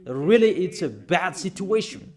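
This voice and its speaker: Male preacher, high voice, insistent sermon delivery with repeated warnings. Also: lively intonation, measured pace, a little mellow.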